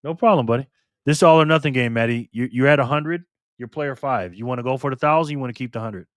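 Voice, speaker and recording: A man's voice: medium pitch, quick pace, no echo, clean studio sound. A man hosting a casual live stream, chatting loosely with viewers by name and repeating himself.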